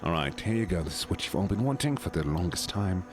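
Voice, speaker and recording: A man's voice: deep voice, lively intonation, quick pace, music in the background. A man streaming a video game, joking with his chat and reading the game's text aloud. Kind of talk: casual livestream commentary.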